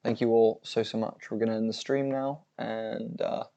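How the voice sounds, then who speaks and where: A man's voice: lowish voice, little pitch movement, brisk, dark tone, lo-fi sound. A man co-hosting a fight watch-along stream, signing off with rambling, effusive thanks and plenty of fillers. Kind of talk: casual livestream sign-off chat.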